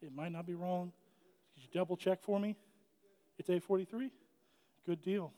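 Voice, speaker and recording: A man with a high voice delivers a casual, joking sermon in a church and keeps restarting his sentences. A long reverb from the sanctuary trails after every phrase. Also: moderate pace, warm tone. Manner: chatty and joking, with many restarts. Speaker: preacher. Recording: echoey church hall.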